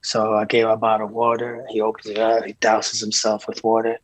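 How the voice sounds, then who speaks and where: A man being interviewed as a guest, a tour manager telling calm, earnest stories with frequent restarts. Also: fairly low pitch, a little fast, no echo, low-quality recording. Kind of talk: casual interview chat.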